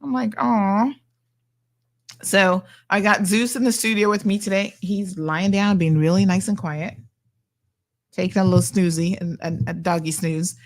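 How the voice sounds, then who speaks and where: A woman's voice: fairly low pitch, steady tone, normal speed. A woman hosting a radio show from the studio, chatting casually and reading out listener messages.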